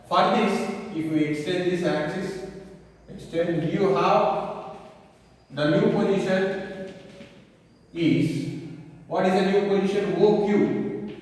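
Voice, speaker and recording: A man with an Indian English accent teaches physics at an unhurried pace, often pausing to ask if students understand. His fairly high voice is heard from a distance in a large, echoing room. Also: a little mellow. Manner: slow, repeats checking questions like "clear?" and "understand?". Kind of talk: online class lecture. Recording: echoey hall, voice far from mic.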